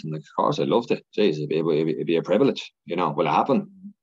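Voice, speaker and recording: A podcast guest telling stories in a rush of excited, rambling speech, full of fillers and repeats. His voice is low and husky, and the lo-fi recording sounds dull. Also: fast talker. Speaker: podcast guest, Ironman athlete. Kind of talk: casual storytelling chat.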